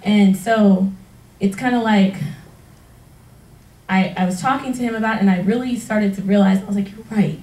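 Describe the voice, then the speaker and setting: A woman, a retired track athlete, tells her story in a personal testimonial, animated and laughing often as she acts out past conversations. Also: mid-range voice, moderate pace, long pauses. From United States. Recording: roomy sound from a distance.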